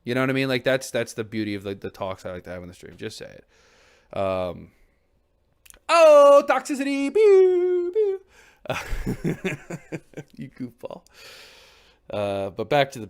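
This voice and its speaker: Earnest rambling young man streaming. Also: lowish voice. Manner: swears casually. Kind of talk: reflective solo stream chat.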